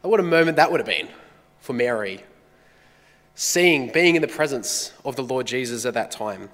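A man with an Australian accent preaching a sermon in a measured, earnest way. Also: mid-range voice, expressive, fairly bright tone. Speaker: pastor. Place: church. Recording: echoey church hall.

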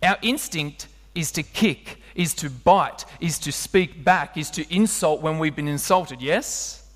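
A man's voice: a little high, unhurried. Male preacher in a reverberant hall. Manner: animated, asks the listeners rhetorical questions. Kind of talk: sermon.

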